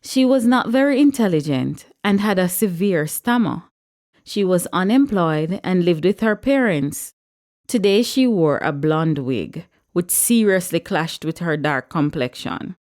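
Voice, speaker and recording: A woman, reading a story aloud in a measured, expressive way. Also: fairly low pitch. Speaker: audiobook narrator.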